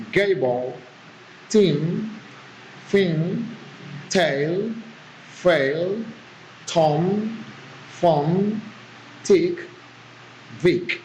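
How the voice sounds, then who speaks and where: A man's voice: on the high side, darkish tone. A man, a student, carefully reading word lists and practice sentences aloud as a pronunciation exercise, one item at a time. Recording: roomy recording with faint hiss.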